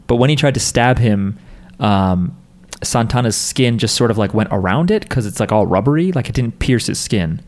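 A man's voice: medium pitch, expressive, moderate pace, few pauses, a little mellow. A man casually recapping an episode on a podcast, rambling with lots of filler words. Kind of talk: casual chat.

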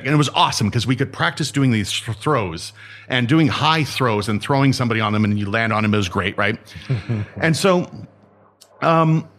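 A man telling martial arts stories in a casual, animated way, acting out dialogue and often asking "right?". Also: mid-range voice. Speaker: martial arts instructor and guest. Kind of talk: casual storytelling.

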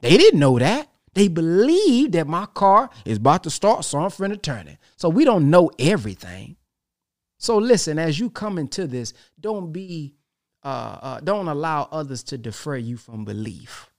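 A man's voice: fairly high pitch, very animated, normal speed. A man hosting a podcast, giving a casual spiritual talk in a colloquial, emphatic style with rhetorical questions.

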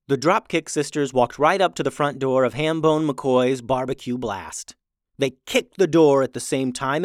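A children's podcast host reading a storybook aloud in a lively, upbeat way. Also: mid-range voice, no room sound, clean studio sound. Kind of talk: storybook narration.

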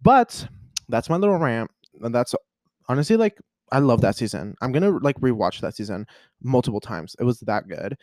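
A young man chatting casually on his own as a podcast host, rambling, excitable and often cutting himself off mid-thought. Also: mid-range voice, normal speed, dry recording, studio quality. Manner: rambling, self-interrupting, excitable. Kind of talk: casual solo chat.

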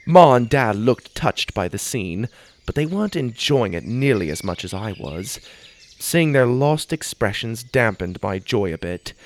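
A male narrator reading a first-person adventure story aloud. His pitch moves a lot, which makes the reading lively and expressive. A mid-pitched voice with steady storytelling delivery.

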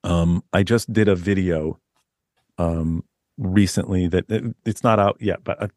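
Low-pitched male author, animated rambling storyteller, dry close sound. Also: a little slow, no echo. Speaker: author guest. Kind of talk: casual podcast interview.

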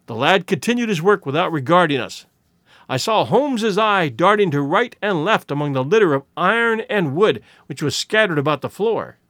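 Man narrating an old mystery, high lively voice, dry close mic. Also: moderate pace, no room sound. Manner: expressive storytelling. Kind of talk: dramatic audiobook reading.

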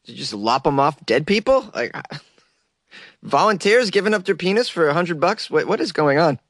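A man's voice: a little high, big pitch swings, normal speed, a bit bright, no room sound. Irreverent male comedy podcast host, rambling riffs, dry close sound. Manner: irreverent, rambling, laughs at own jokes. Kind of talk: comedic news commentary.

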